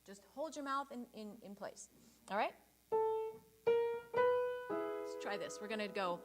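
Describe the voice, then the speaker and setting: A woman leading a choir rehearsal, encouraging the singers and demonstrating breathing and staccato warm-up sounds. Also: a little high, huge pitch swings, takes it slowly, long pauses, loud music behind the voice. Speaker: choir director.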